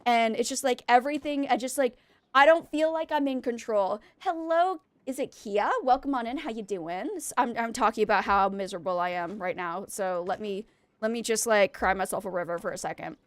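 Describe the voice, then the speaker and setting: A woman's voice: medium pitch, a little fast, clear, resonant tone, no echo. A young woman streaming a game, chatting casually and rambling as she vents to her viewers between game moments. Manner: rambling, venting, talks to chat while playing. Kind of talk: casual chat while gaming.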